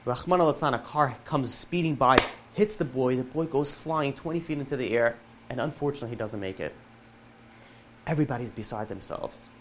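Man, rabbi, storytelling talk, animated, acts out dialogue, faint background noise. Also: mid-range voice. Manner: animated storyteller, quick asides and acted-out dialogue. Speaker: rabbi telling an inspirational story.

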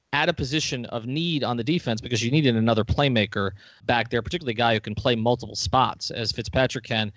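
A man hosting a podcast in casual chat, upbeat and quick to joke. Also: medium pitch, a bit bright, no room sound, highs cut off. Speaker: podcast host.

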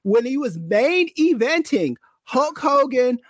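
Lively, opinionated male podcast co-host. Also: very high voice, takes it slowly, no room sound, studio quality. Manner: animated, opinionated, teasing storyteller. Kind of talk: casual wrestling podcast chat.

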